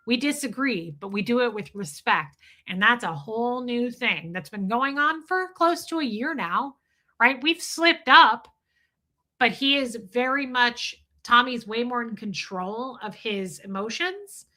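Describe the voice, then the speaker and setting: A woman's voice: fairly high pitch, expressive, measured pace, sharp tone. A woman hosting a casual livestream, answering viewers in a candid, blunt way and swearing freely. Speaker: livestream host.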